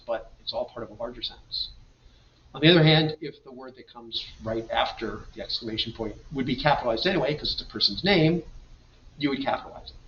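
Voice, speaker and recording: A man's voice: mid-range voice, bright, forceful tone, slight background noise. A man teaching a grammar lesson over a slideshow, explaining patiently and reading example sentences aloud. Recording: dull, roomy, mic at a distance.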